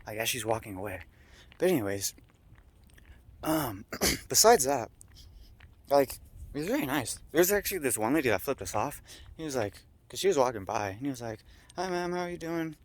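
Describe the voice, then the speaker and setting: A young man telling a rambling story on a street at night, high, swearing and filling every pause with "like" and "uh". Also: sing-song, no echo. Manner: rambling, heavy swearing and filler words. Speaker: vlogger. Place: outdoors on a town street at night.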